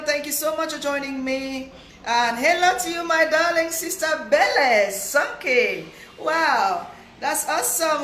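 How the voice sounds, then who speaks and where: Hosting a live stream, this woman chats away and keeps repeating viewers' names as she greets them. Her high, somewhat bright voice is stuffed up and nasal from a cold, and the echoey recording carries a faint hiss.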